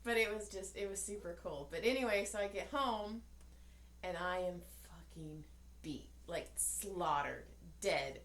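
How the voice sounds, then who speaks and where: A tired-sounding woman in her forties, co-hosting a podcast, tells a story in casual conversation, swearing freely and acting out the voices of the people in it. Her voice is mid-range and a bit bright, at a moderate pace. The room is echoey.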